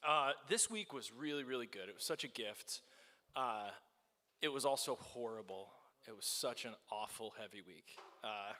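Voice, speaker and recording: A man's voice: mid-range voice, expressive, normal speed, sharp tone. A man in his forties leading a church liturgy, chatty and self-deprecating, with many fillers. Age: 40s. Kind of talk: casual church service talk. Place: church hall. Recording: long echoing hall reverb.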